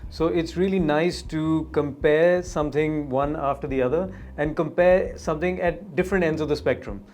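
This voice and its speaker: A middle-aged man, an editor-in-chief, talking through a car test in a relaxed, explanatory way. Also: on the high side, moderate pace, a little hiss or hum. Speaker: editor-in-chief, jury panelist. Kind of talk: casual discussion.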